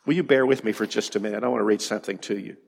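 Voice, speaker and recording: A man's voice: on the low side, very fast, gravelly, big-room sound. A man preaching a sermon, emphatic, firing off rhetorical questions and repeating his words as he drives a point home.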